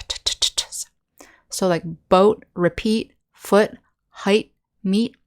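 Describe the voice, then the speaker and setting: A woman with an American accent leads an English lesson, her voice sitting a little low. She speaks clearly and patiently, slowing down to demonstrate each sound. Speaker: English teacher. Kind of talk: scripted online lesson narration.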